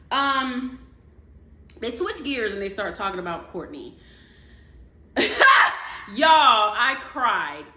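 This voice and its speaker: A woman giving animated, casual gossip commentary to her viewers, laughing often and talking to them directly. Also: high voice, reverberant. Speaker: commentary vlogger.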